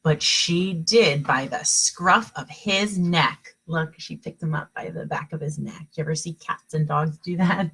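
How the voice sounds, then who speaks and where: A woman's voice: sits low, husky, low-quality recording. A woman teacher at home, reading a picture book aloud to young children and stopping to explain the pictures. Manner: expressive storybook reading, pausing to explain to children. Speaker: kindergarten teacher.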